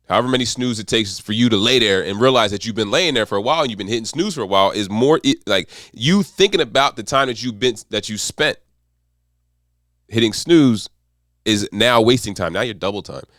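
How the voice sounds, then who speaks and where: Male accountability coach, motivational monologue, swooping lively delivery, dry close sound. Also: fairly low pitch, brisk, no room sound. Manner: repetitive, emphatic mantras.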